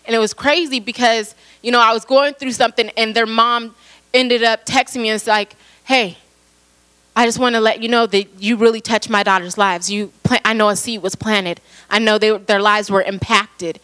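A woman's voice: on the high side, fairly even intonation, moderate pace, a bit bright, low-quality recording. A young adult woman preaching a sermon in an earnest way, often repeating herself and using fillers.

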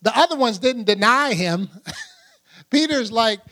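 Male preacher, high-pitched, casual teaching tone, acts out the stories. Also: animated, a little slow, pushed and bright. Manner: chatty, laughs often, acts out scenes. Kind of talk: conversational Bible teaching.

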